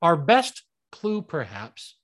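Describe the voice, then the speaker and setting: A man, a pastor, delivering a sermon with dramatic repetition, slowing down for emphasis and dropping to hushed tones when telling stories. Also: on the high side, huge pitch swings. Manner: dramatic preaching with slow, emphatic repetitions and hushed storytelling passages.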